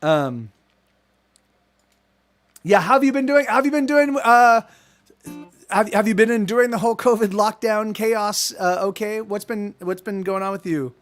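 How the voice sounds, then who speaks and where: A music streamer chats to his viewers between songs in a loose, rambling way, often restarting his sentences. His voice sits fairly high for a man. A guitar is clearly heard behind him. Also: moderate pace, pauses often. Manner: rambling, self-interrupting, chatty. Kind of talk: live-stream chat and singing to guitar.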